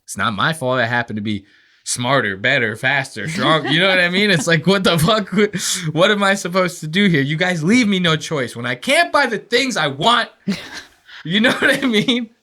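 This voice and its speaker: This podcast host, a man with a highish, bright and forceful voice, speaks at normal speed with lively intonation. He rants through a profane story in a casual way, doing voices for the quotes he acts out.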